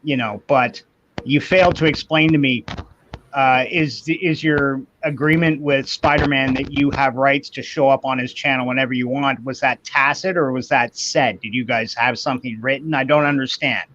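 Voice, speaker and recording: A man's voice: mid-range voice, steady tone, moderate pace, a bit bright, slight background noise. A man in his fifties hosts a casual livestream, swearing freely as he rants through a long story. His voice sits in an ordinary middle register. The audio comes through a little muffled and dull. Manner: profane, ranting storyteller. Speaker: livestream host. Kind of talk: casual chat. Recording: slightly muffled stream audio.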